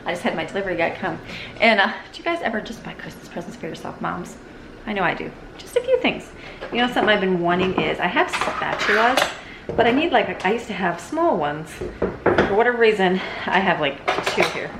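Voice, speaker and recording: A woman's voice: medium pitch, expressive, brisk, heavy background noise. A woman vlogging casually around her family home, chatting to viewers and her kids. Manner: chatty, talks to kids and dog while walking around. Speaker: vlogger, mother. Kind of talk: casual home vlog chat. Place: family home, kitchen and bedrooms.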